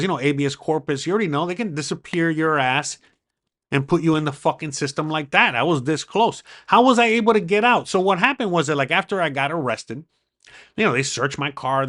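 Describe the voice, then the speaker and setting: A man vlogging, telling a story to camera in an excitable way, swearing freely and acting out what people said. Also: medium pitch. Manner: excitable, swearing, acts out the quoted dialogue.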